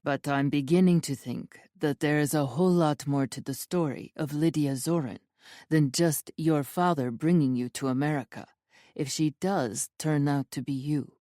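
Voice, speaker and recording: A woman reading an audiobook, voicing a grim, protective man who speaks low and steady. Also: normal speed, dry recording, studio quality, natural voice.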